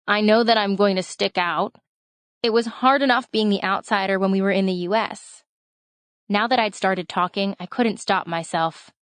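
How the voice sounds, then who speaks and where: A woman reads as an anxious, frustrated girl who unloads her worries in one long rush. The voice stays mid-pitched and close, in a dry recording. It sounds like a storybook read aloud in class. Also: smooth, no echo, close to an everyday voice. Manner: frustrated, pouring out complaints. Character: anxious girl who keeps moving countries.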